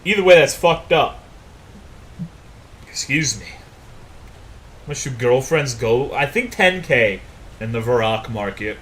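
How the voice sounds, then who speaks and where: A man's voice: medium pitch, animated, takes it slowly, long pauses, fairly bright tone, a little hiss or hum. A young man streaming a game, chatting casually with viewers, swearing often and joking. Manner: profane, joking, reading chat aloud. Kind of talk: casual live-stream chat.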